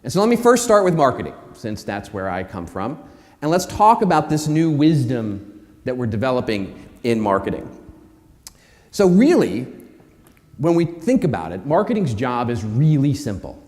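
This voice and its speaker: A man's voice: mid-range voice, very animated, moderate pace, a little mellow. A man giving a conference keynote speech, emphatic, repeating phrases and asking the audience questions. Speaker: keynote speaker. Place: conference hall. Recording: hall reverb.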